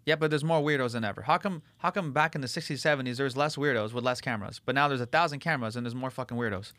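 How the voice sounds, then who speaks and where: A man's voice: medium pitch, very fast, sharp tone, no echo. A man, hosting a podcast and telling a rambling, profane story with lots of fillers. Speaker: podcast host. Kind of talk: casual chat.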